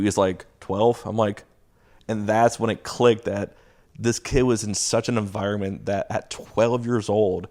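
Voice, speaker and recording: A man who teaches, telling a story from his classroom on a podcast in a casual, animated way, acting out voices and laughing as he goes. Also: fairly low pitch.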